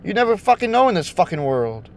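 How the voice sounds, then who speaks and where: Driving around in his car, a young vlogger rants furiously, swearing constantly. He talks fast and is very animated, his voice sitting high, and the recording is very noisy.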